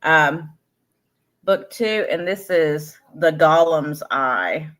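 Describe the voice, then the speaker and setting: A woman's voice: sits low, very slow, a bit bright. A woman co-hosting a live online sale, chatting casually about books with fillers.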